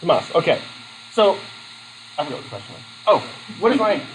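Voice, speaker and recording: A man's voice: a little high, very animated, fast, slight background noise, poor audio. A man from Vermont teaching a college class, chatty and self-deprecating, with many fillers and restarts as he takes student questions. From Vermont, USA. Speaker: college instructor.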